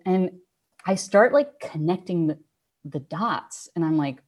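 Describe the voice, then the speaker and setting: A woman casually telling a rambling, animated story over a video call, swearing freely. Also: on the low side, a little slow.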